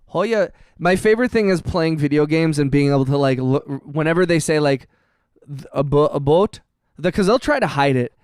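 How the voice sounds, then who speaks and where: A man hosting a music production livestream, chatting casually in an upbeat, rambling way, giving quick shout-outs and restarting his sentences. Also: fairly high pitch, expressive, clean tone, dry recording, studio quality. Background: his own beat playing.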